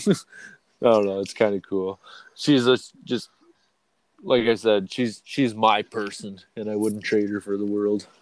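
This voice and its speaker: A man's voice: on the low side, level tone, a little slow, a little mellow. Thirty-something guy rambling on a podcast, swears a ton, laughs a lot. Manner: profane, rambling, laughs often. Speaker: podcast co-host. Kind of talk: casual chat.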